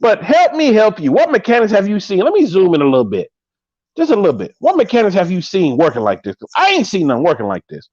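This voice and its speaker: A man in his thirties hosting a live podcast, riffing with animated, joking commentary and drawn-out exclamations. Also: high voice, no echo, dull audio. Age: 30s. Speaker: podcast host.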